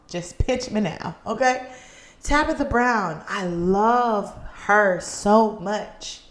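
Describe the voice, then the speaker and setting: A woman's voice: medium pitch, reverberant. A woman hosting a podcast from the couch in her living room, giving an earnest motivational talk on a mic and acting out little scenes as she goes. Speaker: podcast host. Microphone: studio mic.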